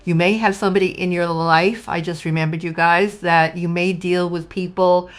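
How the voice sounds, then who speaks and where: A woman giving a casual spoken tarot reading, animated and acting out quoted voices. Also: moderate pace. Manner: animated, acts out quoted voices with sudden pitch jumps. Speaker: tarot reader.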